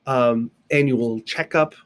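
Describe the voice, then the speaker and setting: A man's voice: medium pitch, takes it slowly. A man giving a casual recorded video lesson, explaining things step by step with playful sound effects and asides, recorded alone indoors on camera. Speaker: sign language teacher.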